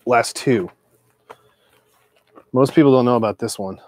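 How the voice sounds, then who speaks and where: This record collector, a man in his forties, speaks in an unhurried mid-range voice with a slightly mellow quality. He rambles casually about his collection, drifting off on tangents, cursing a lot and leaning on filler words.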